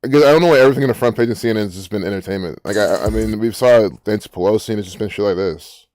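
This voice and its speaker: A man with a lowish voice rants in a loose, rambling way, swearing often and sounding indignant as he reacts to what is on his screen. He talks as host of his own channel. The sound is close and dry, with no room echo. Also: racing, darkish tone. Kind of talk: ranting screen-reading commentary.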